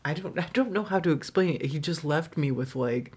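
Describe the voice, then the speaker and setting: Animated and brisk, a woman with a low, darkish, husky voice hosts a solo podcast. Her stories are candid and profane, heavy on "like," punctuated by frequent laughter and trailing restarts.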